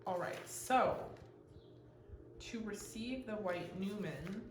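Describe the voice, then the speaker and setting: Excitable woman reading tarot in an echoey room. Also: mid-range voice, slow. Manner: excitable and gushing, swears casually. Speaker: tarot reader. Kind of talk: casual pick-a-card tarot reading. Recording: roomy echo with faint ambient noise.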